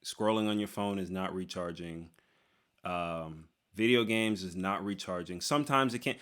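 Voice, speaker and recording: A man's voice: on the low side, moderate pace, a bit bright. A young man casually answering viewer questions, joking around and trailing off into fillers like "dude" and "like". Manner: loose and joking, lots of "dude" and "like", trails off and restarts. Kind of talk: casual Q&A chat.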